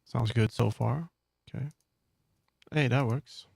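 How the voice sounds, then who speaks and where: A man's voice: mid-range voice, slow pace, creaky, a little mellow, breathy edge, dry recording. A man streaming live, chatting casually and muttering to himself as he troubleshoots. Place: home streaming setup.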